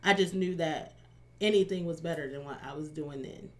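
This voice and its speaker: A candid woman in her thirties, guesting on a podcast as a life coach. Her voice sits somewhat low, and she tells her story openly, often breaking into laughter. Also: moderate pace. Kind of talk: candid personal interview.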